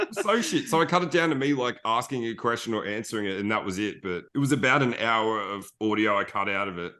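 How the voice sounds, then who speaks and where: A man's voice: medium pitch, animated, fairly quick, a bit bright. A man with an Australian accent, a podcast guest chatting casually and rambling on.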